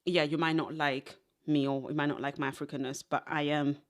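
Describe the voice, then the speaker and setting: A woman's voice: low-pitched, flat delivery, fairly quick. Woman from Zimbabwe telling stories. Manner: tangential storytelling, laughs often. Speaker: podcast guest. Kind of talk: casual interview chat.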